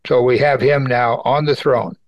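A man's voice: fairly even intonation, moderate pace, no room sound, dull audio. A man teaching an evening Bible study, earnestly reading scripture aloud and lifting his voice to stress key points. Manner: earnest, rises in pitch for emphasis, reads scripture aloud.

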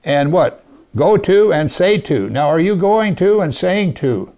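A man preaching a sermon, reading scripture aloud and talking to his congregation with earnest emphasis, sometimes dropping to a hush. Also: high voice, animated, measured pace. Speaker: pastor.

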